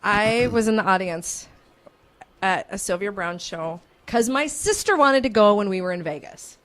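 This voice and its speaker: A woman's voice: mid-range voice, lively intonation, normal speed, fairly bright tone. Chatty woman radio host telling a story. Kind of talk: casual radio chat, storytelling. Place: radio studio.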